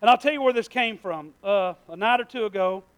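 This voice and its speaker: A man preaching a sermon, emphatic and full of repeated phrases, moving from loud bursts to hushed asides. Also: high-pitched, brisk, clean tone, dry recording.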